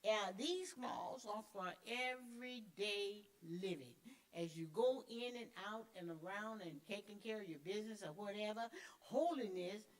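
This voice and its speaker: A woman's voice: mid-range voice, moderate pace. A middle-aged woman teaching a church Sunday school class, emphatic and conversational, repeating key words and answering herself with little affirmations. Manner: conversational with call-and-response fillers.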